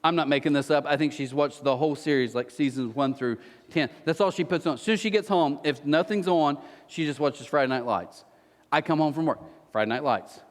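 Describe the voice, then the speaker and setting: A man's voice: on the high side, fairly quick, in a large hall. A man preaching a sermon as pastor, telling stories with playful asides. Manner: animated storytelling with playful asides. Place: church auditorium.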